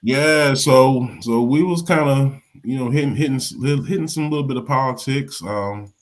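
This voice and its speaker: A man hosting a casual political chat, talking in an animated way, repeating words and acting out quotes. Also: medium pitch, normal speed. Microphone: live stream mic.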